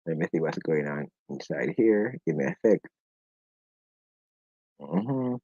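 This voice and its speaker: A man's voice: extremely low pitch, animated, slow, warm tone, husky, no room sound, muffled recording. A man hosting a live-stream chat in a playful, joking way. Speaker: host of a live discussion stream.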